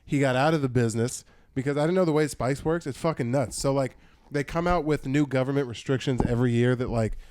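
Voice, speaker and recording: A young man tells a long, meandering story on a podcast, swearing freely and restarting his sentences. His voice sits at an ordinary middle pitch. The sound is close and completely dry, with no room around it. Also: quick pace, darkish tone, smooth, dry recording. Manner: rambling, swears a lot, restarts often. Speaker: podcast co-host. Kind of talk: casual podcast chat.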